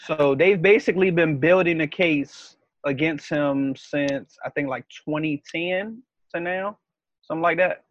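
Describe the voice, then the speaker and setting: A man's voice: on the high side, a little slow, lo-fi sound. A man co-hosting a podcast, laid-back and slangy, laughing easily. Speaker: podcast co-host. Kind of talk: casual chat.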